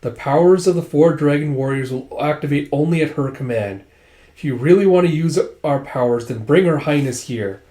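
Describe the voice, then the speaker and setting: A man's voice: on the high side, normal speed, warm tone, close to an everyday voice. A man reading the lines of a proud, formal dragon warrior from a manga, in an echoey room. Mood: defiant. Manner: read plainly from a manga page.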